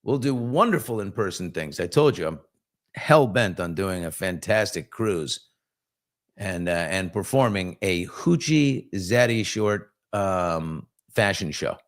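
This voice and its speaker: A man's voice: low-pitched, animated, measured pace. A man hosting a casual live morning chat, reading out viewer comments and rambling through stories with many fillers and restarts. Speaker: talk show host.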